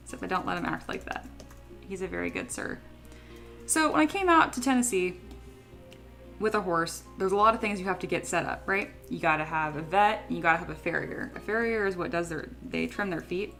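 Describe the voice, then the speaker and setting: Working on a livestream, a young woman from California who does 3D sculpting chats casually, rambles, and laughs a lot. She has a mid-range, creaky voice with a fairly bright tone.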